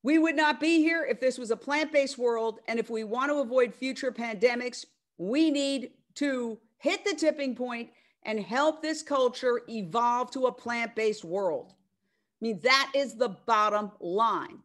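Middle-aged woman, a touch high-pitched, emphatic and loud, rallying on a video call. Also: measured pace. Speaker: media network founder speaking at an online event. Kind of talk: casual speech on a video call.

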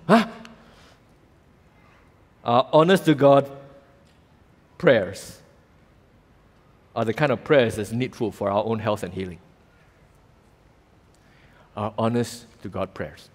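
A man with a Malaysian English accent preaching a sermon as pastor, telling the story with animated acted-out voices. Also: medium pitch, a little slow, pauses often, slightly rough. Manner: animated storytelling, acting out voices in quoted lines. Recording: long reverb of a church hall.

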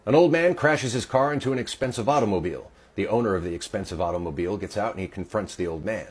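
A man's voice: fairly low pitch, expressive, fast, breathy edge. A man telling a joke as a story, acting out the quoted lines.

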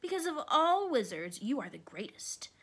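A woman's voice: high voice, big pitch swings, moderate pace, a bit bright, husky, voice pushed up, heavily acted. A woman voicing a cowardly male lion who pleads in a raised voice. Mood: pleading.

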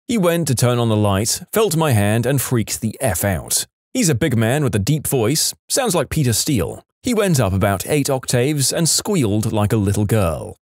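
A man's voice: medium pitch, no room sound. A man narrating submitted Reddit stories aloud as a storyteller who acts out the quoted lines, on a close mic.

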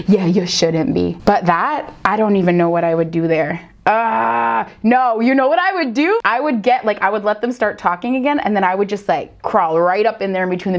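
A woman teacher giving casual reaction commentary, animated and dramatic, slipping into quick put-on voices. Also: medium pitch, dull audio.

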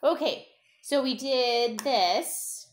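Slow sing-song woman teaching phonics. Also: fairly high pitch, lively intonation, a little hiss or hum. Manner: sing-song, encouraging, sounds out letters slowly. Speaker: parent teaching a child to read.

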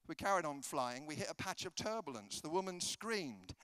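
A man's voice: fairly high pitch, big pitch swings, a little fast, hardly any pauses, sharp tone, no echo. A British man preaching a humorous sermon, telling stories and acting out the dialogue in comic voices. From Britain. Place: conference hall.

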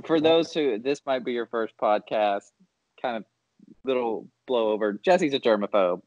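A man of middle pitch tells a story on a podcast in a relaxed, chatty way and laughs often as he goes. The sound is dry and a bit dull, as if recorded on a modest setup. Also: normal speed, dry recording. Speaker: podcast co-host. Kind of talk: casual chat.

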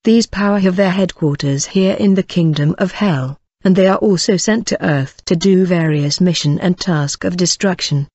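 Woman narrator, earnest slow testimony read, dull dry lo-fi track. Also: fairly low pitch, a little mellow, husky, dry recording. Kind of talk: solemn read religious testimony.

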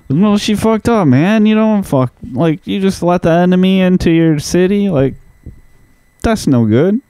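A man's voice: high-pitched, lively intonation, takes it slowly, pauses often, mellow, smooth, no echo. A man co-hosting a podcast in casual comedic chat, telling the story in a laid-back way and swearing casually. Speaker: podcast co-host.

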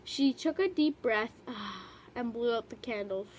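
A woman reads a children's picture book aloud in a high, bright voice. She reads in a lively way and stops now and then for short remarks about the pictures. Faint noise sits under the recording. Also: unhurried. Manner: animated read-aloud, brief asides about the pictures. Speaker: storybook reader.

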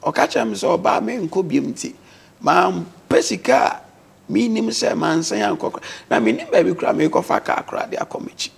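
A man's voice: sits high, expressive, normal speed, creaky, husky. A man with a Ghanaian accent, a guest on a talk show, earnestly telling his life story and mixing English words into his speech.

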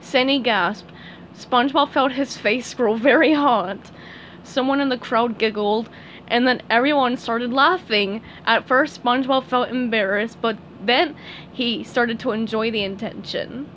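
A woman reading a children's picture book aloud, expressive and clear. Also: fairly high pitch, measured pace, slight background noise. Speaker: storybook reader.

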